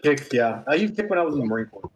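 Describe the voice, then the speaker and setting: A man's voice: medium pitch, sing-song, rapid-fire, roomy sound, rough recording. A man in his twenties, co-hosting a podcast, telling a story in casual chat, swearing and laughing often. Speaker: podcast co-host.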